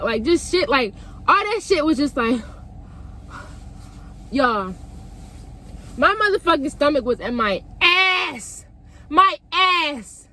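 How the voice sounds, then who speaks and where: A young woman vlogger telling a story in a lively, emphatic, profane way. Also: sits high, slight background noise. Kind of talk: storytime vlog.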